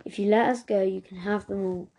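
A woman reading aloud voices a frightened young boy in a storybook, urgent and pleading. The sound is warm and dark, with a flat, steady melody. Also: mid-range voice, a little fast, lightly acted. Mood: persuasive. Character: frightened young boy, desperate and quick-thinking.

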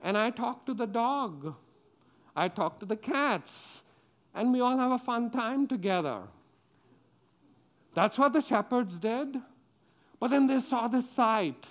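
A man's voice: very high voice, lively intonation, slow, pauses often. A middle-aged man giving a children's sermon, telling the story with animation and asking the children questions. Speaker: preacher.

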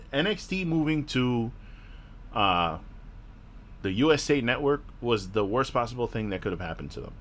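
A man's voice: lowish voice, a bit bright. A man hosting a podcast, ranting in a frustrated, profane, rambling way with a sore throat. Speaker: podcast host.

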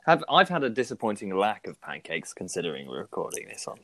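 A man's voice: fairly low pitch, very animated, fast talker, fairly bright tone, no room sound. Guy hosting a podcast, keeps laughing, voice bouncing all over. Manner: laughs a lot, playful banter. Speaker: podcast co-host. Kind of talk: casual chat.

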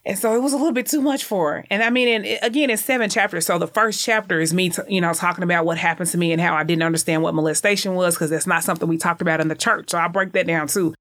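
A woman in her thirties, an author speaking frankly and lively in an interview. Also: lowish voice, rapid-fire, few pauses, no room sound, studio quality. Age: 30s. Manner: frank, lively, often acting out others' voices. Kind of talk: candid conversational storytelling.

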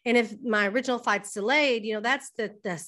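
A woman's voice: on the high side, fairly quick, pushed and bright. A middle-aged woman co-hosting a casual podcast, chatting loosely and sometimes talking while she eats. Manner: chatty, talks while eating, frequent restarts. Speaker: podcast co-host. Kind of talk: casual chat.

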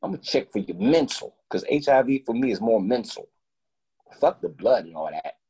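A man guest telling a story in casual talk, animated and profane, acting out both sides of each conversation. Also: mid-range voice, normal speed, vocal fry, breathy edge.

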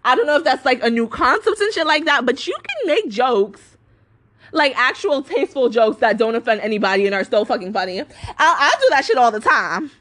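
A woman's voice: big pitch swings, brisk, fairly bright tone. A woman in her twenties hosting a podcast, ranting casually and swearing a lot, with many fillers. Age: 20s. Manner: profane, emphatic, full of fillers; mocking high voice when quoting others. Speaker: podcast host.

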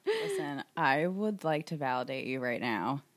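A woman co-hosting a podcast in casual chat, blunt and quick to swear. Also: low voice. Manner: blunt, swears freely, lively reactions. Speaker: podcast co-host.

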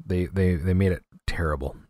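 A man co-hosting a podcast in casual chat, animated and rambling, laughing often. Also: sits low, moderate pace, no room sound, studio quality. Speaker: podcast co-host.

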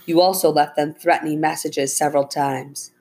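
A woman's voice: sits low, steady tone, moderate pace, darkish tone, breathy edge. A woman voicing a stern male park ranger who questions suspects in a read-aloud story.

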